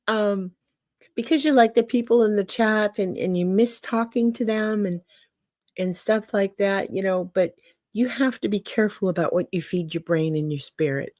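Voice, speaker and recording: A woman's voice: mid-range voice, normal speed, darkish tone, no room sound, clean studio sound. Folksy older woman chatting to her stream. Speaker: livestream host. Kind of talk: casual livestream chat.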